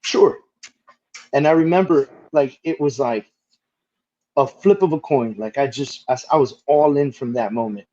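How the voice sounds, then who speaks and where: A man of medium pitch tells stories in a relaxed, lively interview style. He swears casually and leans on "like" as a filler. The audio is a bit dull and lo-fi. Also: normal speed. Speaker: interview guest.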